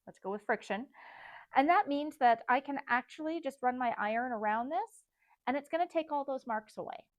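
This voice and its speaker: A woman's voice: high voice, expressive, a little fast, no echo. A woman designer teaching a casual step-by-step sewing tutorial, chatting and thinking aloud as she works.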